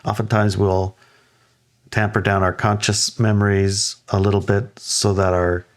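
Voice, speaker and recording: A man in casual conversation, telling a story in an animated way and acting out quoted lines. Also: fairly low pitch, unhurried. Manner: animated, acts out quotes in raised voices, laughs often.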